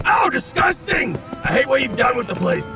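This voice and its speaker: A man's voice: very high voice, moderate pace, raised voice, music in the background, full character voice. A man voicing a blunt, goblin-obsessed armored warrior who bellows in a fan-made abridged anime comedy. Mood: manic. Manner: bellowing, manic and deadpan by turns.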